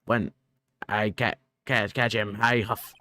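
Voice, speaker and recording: A man's voice: on the low side, level tone, takes it slowly, bright, forceful tone, dry recording, voice pushed down. Guy putting on a breathless grumpy old granny from a game, huffing and puffing through every word. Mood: gasping. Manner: huffs and puffs between words. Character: wheezing cranky old woman, always out of breath. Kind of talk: reading game dialogue aloud.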